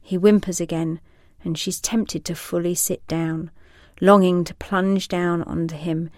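Low-voiced woman narrating. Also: dry recording, clean studio sound. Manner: slow, sensual, measured. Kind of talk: scripted erotic story narration.

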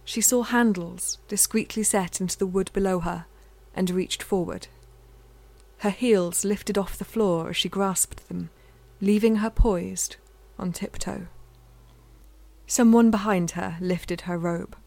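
A woman reading a novel aloud in a measured, intimate way, sometimes dropping to a near-whisper. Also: mid-range voice, vocal fry, dark tone. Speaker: audiobook narrator. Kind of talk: scripted fiction narration.

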